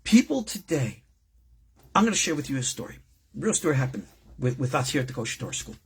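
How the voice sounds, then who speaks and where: A man with a deeply husky, raspy voice teaches as a rabbi, swinging his pitch widely from low murmurs to high stresses. He talks in a loose, conversational way, wandering off into asides and then hammering his points home. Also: very animated, quick pace. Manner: emphatic, conversational, digressive. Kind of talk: informal recorded lecture.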